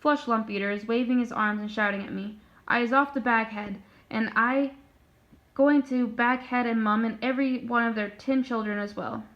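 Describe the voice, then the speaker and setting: A woman voicing a big, friendly old male giant who talks slowly with mangled grammar, reading a children's storybook aloud. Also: a little high, fairly even intonation, close to an everyday voice. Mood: folksy. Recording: dull lo-fi recording.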